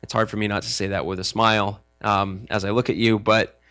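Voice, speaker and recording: A man's voice: lowish voice, moderate pace, fairly bright tone. Male pastor, easygoing sermon delivery, plays out the disciples' lines. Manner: conversational, acts out disciples' voices; frequent fillers and restarts. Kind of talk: sermon with scripture reading.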